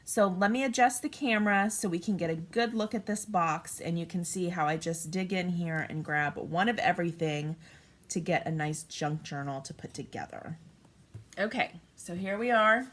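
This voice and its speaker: Chatty low-voiced woman in her forties. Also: normal speed. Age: 40s. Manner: chatty, thinks aloud with frequent ums. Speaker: craft vlogger. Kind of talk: casual craft tutorial. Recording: steady background noise, paper crinkling.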